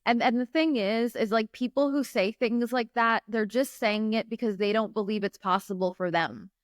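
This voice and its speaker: A woman's voice: fairly high pitch, moderate pace, no echo, studio quality. A woman guest on a podcast, a business mentor talking in an earnest, reflective way with lots of "like". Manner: reflective, earnest, filler-heavy with "like". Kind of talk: casual interview chat.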